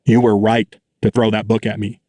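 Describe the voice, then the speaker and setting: A man voicing a weary, earnest older male teacher who speaks low, slow and urgent. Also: level tone, dark tone, no echo, close to an everyday voice.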